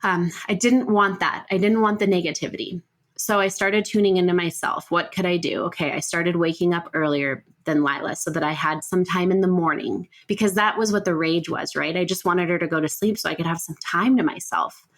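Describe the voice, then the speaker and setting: A woman's voice: on the low side, fairly even intonation, brisk. A woman in her thirties, hosting a podcast and telling a personal story in a casual, chatty way, with frequent self-corrections. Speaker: podcast host.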